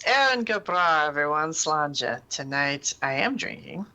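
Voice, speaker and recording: A woman's voice: sits low, sing-song, unhurried, hardly any pauses, sharp tone, highs cut off. A woman guest on a casual chat show, bubbly and full of exclamations.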